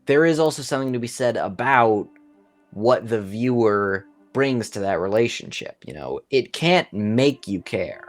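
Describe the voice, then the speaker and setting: A tired man late at night in a casual chat, speaking in a reflective, measured way. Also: mid-range voice, lively intonation, faint music behind. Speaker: podcast guest.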